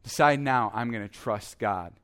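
A man's voice: mid-range voice, normal speed, fairly bright tone. A man preaching a sermon as the pastor, earnest and emphatic, repeating his exhortations.

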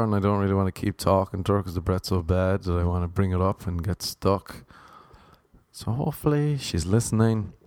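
A man with a lowish voice talks alone into the mic, spinning casual anecdotes with a wry, self-mocking edge. The sound is close and dry, with no room around him. He meanders and circles back, like a podcast host chatting to his listeners. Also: a little mellow, no room sound. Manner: rambling, wry, self-deprecating humour. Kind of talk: casual solo storytelling monologue.

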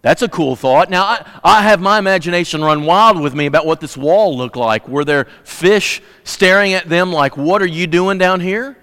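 An emphatic, folksy man preaches in a church, swinging from loud, punchy bursts to low, quiet asides. His voice sits fairly high for a man. A long hall reverb trails after each phrase. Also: normal speed, hardly any pauses, clear, resonant tone. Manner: folksy, humorous. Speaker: pastor. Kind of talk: sermon.

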